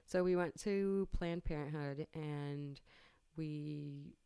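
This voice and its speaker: Low-voiced young woman, candid and sweary. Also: slow, dark tone, smooth, no echo, studio quality. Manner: candid, swears freely, laughs often. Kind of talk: casual storytelling chat.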